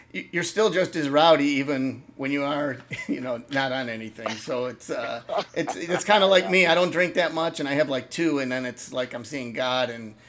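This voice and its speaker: A man hosting a casual interview, laid-back and quick to laugh, plugging his guest's work. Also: medium pitch, fairly bright tone. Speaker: interview host.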